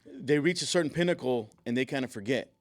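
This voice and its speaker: A man hosting a casual podcast interview, relaxed and affirming, asking questions in between short replies. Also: medium pitch, fast talker, no echo, clean studio sound. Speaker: podcast host.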